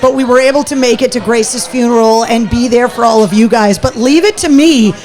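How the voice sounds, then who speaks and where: A woman with a high, bright-sounding voice hosts a live show from a pub. She tells her story in a casual, animated rush and acts out what people said. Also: soft background music. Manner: animated, quick storytelling with acted-out quotes. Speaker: host of a live talk show.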